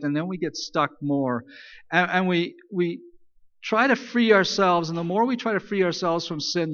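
A slightly high male voice with a long reverb tail and dull audio belongs to a pastor preaching in church. He relates a folk tale conversationally, joking and telling it with animated energy.

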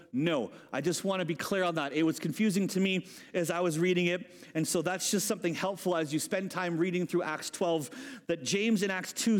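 A male pastor preaching a sermon in an animated, humorous, conversational way. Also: high voice. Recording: long hall reverb.

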